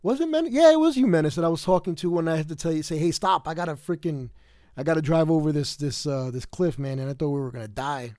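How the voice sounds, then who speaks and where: Worn out new york guy on a live stream, kinda high voice, mellow and dry, lots of ums and restarts. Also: steady tone, quick pace, no room sound. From South Bronx, New York. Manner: rambling, many fillers and restarts. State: tired. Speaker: livestream host. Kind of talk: casual livestream chat.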